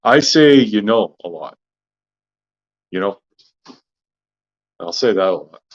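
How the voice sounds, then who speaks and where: A man's voice: fairly low pitch, expressive, takes it slowly, muffled recording. A Canadian man co-hosting a casual live chat, joking and laughing often as he talks. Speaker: co-host of a live chat stream.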